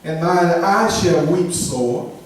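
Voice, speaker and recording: A man reads scripture with slow, deliberate care. His higher voice sounds distant from the mic. It echoes heavily around the room over faint ambience. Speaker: scripture reader. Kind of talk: reading scripture aloud.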